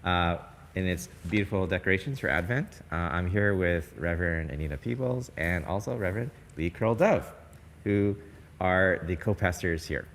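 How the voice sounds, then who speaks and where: A man's voice: low-pitched, expressive, moderate pace, fairly bright tone, a little hiss or hum. Curious man hosting in an echoing church. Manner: friendly, curious, chatty. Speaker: podcast host. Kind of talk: casual interview. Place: decorated church on location. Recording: long church reverb, faint ambience.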